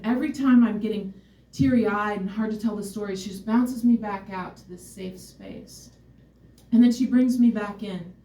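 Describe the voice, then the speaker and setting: An adult woman, mother of a son, tells a personal story on stage in a medium-pitched, dark-toned voice. She's candid, wry, and emotionally open, recorded in a roomy hall with the mic far away.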